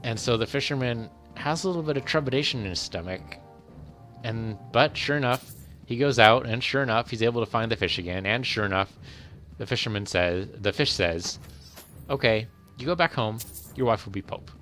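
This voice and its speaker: A man's voice: medium pitch, a little fast, fairly bright tone, soft background music. A man hosting a game video, casually retelling a fairy tale in a rambling, conversational way. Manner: rambling, conversational, repeats phrases. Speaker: let's play host. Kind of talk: casual storytelling while playing.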